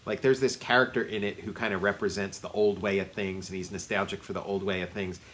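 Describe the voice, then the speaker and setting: A man co-hosting a podcast, chatting about a film, laughing often and breaking into loud mocking impressions. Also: lowish voice, fairly even intonation, fast, slight background noise. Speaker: podcast co-host. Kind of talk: casual film review chat.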